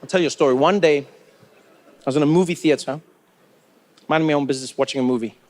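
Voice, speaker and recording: A South African man tells comic stories on stage in a high, animated voice. He keeps slipping into playful character voices to act out his scenes. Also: fast talker. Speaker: comedian. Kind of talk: stand-up comedy.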